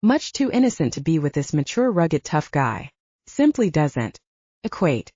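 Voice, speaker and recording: A woman narrating an audiobook in an expressive storytelling manner, in a dull lo-fi recording. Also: sits low, measured pace, breathy edge, dry recording.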